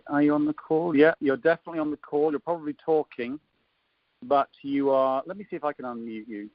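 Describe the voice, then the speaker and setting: A man's voice: fairly high pitch, steady tone, brisk, no room sound. A man in his fifties with an English accent, hosting a conference call interview in a chatty, teasing way with lots of ums. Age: 50s. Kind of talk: casual chat, jokey introduction. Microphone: phone line on a conference call. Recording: dull dry phone-line sound.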